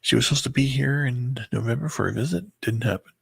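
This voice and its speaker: A man telling a painful personal story in a halting, rambling way, full of filler words and bitterness. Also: mid-range voice, no room sound. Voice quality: very husky, gravelly. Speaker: person recounting a breakup.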